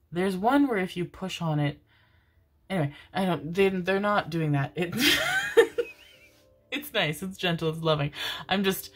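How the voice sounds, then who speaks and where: A woman giving a casual, rambling tarot reading, affectionate and loose, with frequent fillers and casual swearing. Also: low-pitched. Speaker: tarot reader. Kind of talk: casual intuitive reading monologue.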